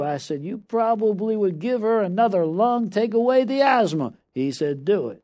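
A man preaching a sermon, telling a story and then building to loud, emphatic declarations, often calling out "come on now.". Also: high voice, animated, normal speed, hardly any pauses. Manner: repeats "come on now" to the audience.

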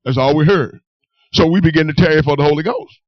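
Man, high voice, church testimony, animated storytelling, dull dry recording. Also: fast talker, dry recording. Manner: animated storytelling with repeated "you understand". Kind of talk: personal testimony told to a congregation.

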